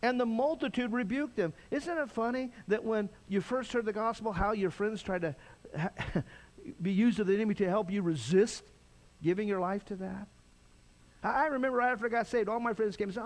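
An older man preaching a sermon as pastor, impassioned, swinging from loud cries to quiet intensity. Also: high voice, a little fast.

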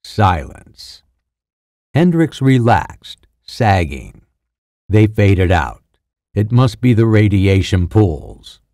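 A man reading an audiobook in a measured, deliberate narration. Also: lowish voice, very animated, warm tone, dry recording, studio quality.

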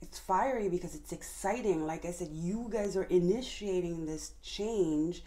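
Fast-talking woman tarot reader. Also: on the low side, warm tone. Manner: fast, passionate talker; addresses viewers directly, calls on Spirit. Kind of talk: tarot reading monologue.

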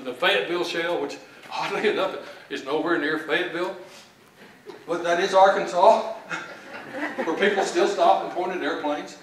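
In a large conference hall, a Texas-born economist with a Texan accent cracks folksy jokes in a plain-spoken keynote. His voice is high and a bit bright, and the distant, echoey recording carries a little hiss or hum.

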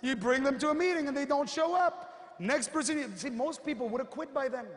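A man giving an animated motivational seminar talk, telling stories and acting out the people in them. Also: extremely high pitch, fairly quick, long reverb tail. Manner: animated storyteller, acts out quotes, punchy asides. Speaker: motivational speaker.

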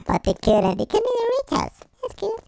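A squeaky chipmunk gamer. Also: wildly swooping pitch, normal speed, creaky, heavy background noise, heavily acted. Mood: giddy. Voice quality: squeaky, giggly, exclamatory. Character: cheeky excitable cartoon chipmunk gamer. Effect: sped-up high chipmunk pitch shift. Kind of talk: Roblox let's play commentary.

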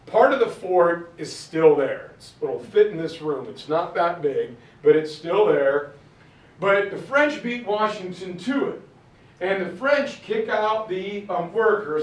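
A man with a fairly high voice lectures on history in a chatty, animated way. He drops into slangy character voices and personal asides. He sounds a little distant from the mic in an echoey room. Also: a little slow. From western Pennsylvania. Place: room with audience.

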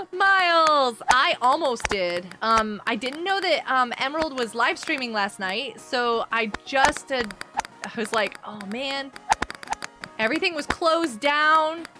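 Young woman, high voice, lively swoops, excitable gaming chatter, music behind. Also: unhurried. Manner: excitable, chatty, talks to viewers. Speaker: streamer. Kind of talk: live gameplay commentary. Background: game music.

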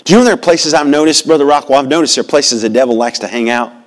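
A man preaching a sermon in church in a folksy, animated way, often asking the congregation questions. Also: medium pitch, very fast. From rural upbringing. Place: church sanctuary.

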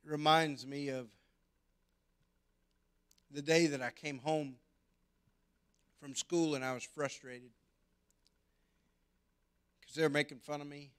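A man preaching a sermon as pastor, earnest, swinging between loud emphasis and hushed tones. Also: on the high side, fairly even intonation, takes it slowly, long pauses, clean tone.

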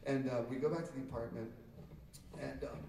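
Captured by an audience taper in the crowd, this roomy, distant tape has a middle-aged musician on a concert hall stage spinning a rambling tale amid a loud crowd. He laughs a lot, restarts often and leans on fillers. His mid-range voice is steady, brisk and creaky, with slight background noise.

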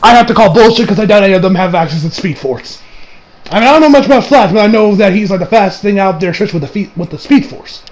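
A young man with a notably high voice talks through a movie review in a loose, rambling way. He gets excitable, swears freely, and jumps into squeaky mock voices when he quotes people. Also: fast. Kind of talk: casual spoken movie review.

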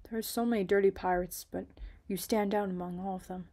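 A woman's voice: mid-range voice, steady tone, brisk, natural voice. A woman voicing Stormcolor, a tender, wounded seventeen-year-old boy, in a murmuring voice. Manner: soft, murmuring.

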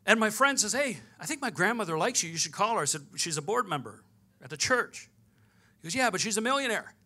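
Bright-voiced pastor telling a story. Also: male voice, high-pitched, fast talker. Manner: storytelling with quoted dialogue, animated. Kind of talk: sermon.

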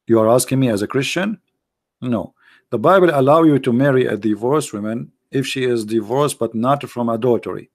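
A man's voice: medium pitch, normal speed. A man giving sarcastic, argumentative commentary in broken English grammar. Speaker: religious debater. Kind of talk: mocking commentary.

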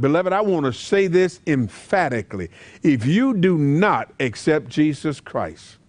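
Male preacher, fervent evangelistic delivery, very lively pitch, slow and deliberate. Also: dry recording. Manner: fervent, emphatic, repeats "beloved", rising to high urgent pleas; slows and softens into a quiet prayer. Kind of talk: evangelistic sermon.

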